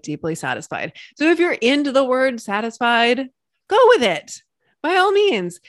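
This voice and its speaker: Bubbly animated woman podcaster. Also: medium pitch, dry recording, clean studio sound. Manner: bubbly and animated, with playful exclamations. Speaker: podcast host and coach. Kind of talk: solo podcast talk.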